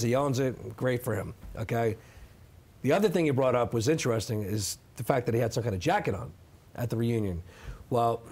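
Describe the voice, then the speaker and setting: A man's voice: mid-range voice, a little mellow. A middle-aged man giving a sit-down interview, telling his side of a story emphatically and often adding "okay?" to drive points home. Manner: emphatic, repeats "okay?" for effect. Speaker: interview guest.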